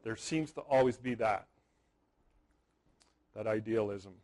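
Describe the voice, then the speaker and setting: A man's voice: on the low side, measured pace, a little mellow, poor audio. A man in his forties presenting a live seminar to an audience, telling stories, stressing points by repeating words and checking in with "okay?". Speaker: wedding photography seminar presenter.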